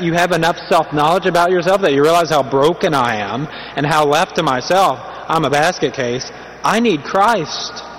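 A man delivers a sermon in a relaxed, conversational way, mixing a funny story with rhetorical questions. His voice sits a little high, and it rings out with a long reverb over a faint hum of ambience.

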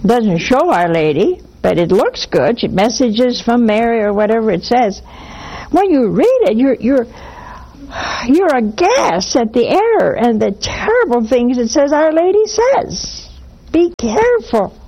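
An older woman hosting a religious call-in show, talking in an animated way and acting out little dialogues. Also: on the high side, unhurried, poor audio. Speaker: host.

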